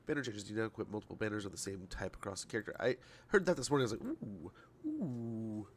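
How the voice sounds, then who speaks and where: A man's voice: lowish voice, rapid-fire, slight background noise. A male streamer in casual livestream chat, reading patch notes aloud, rambling, tripping over words and laughing at himself.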